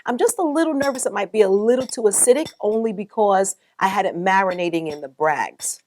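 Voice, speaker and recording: Lively woman hosting a talk show. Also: mid-range voice, a little fast, slight background noise. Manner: lively, laughs often, encouraging. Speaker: host. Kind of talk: upbeat cooking and interview show.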